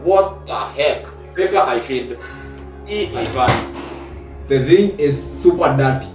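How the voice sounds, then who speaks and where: A man's voice: mid-range voice, animated, a little slow. A man with a Kenyan accent venting in frustration while filming a casual vlog at his workspace. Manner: frustrated venting, mixing English and Swahili. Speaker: vlogger. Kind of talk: casual on-location vlog talk. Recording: roomy, distant from the mic, music playing.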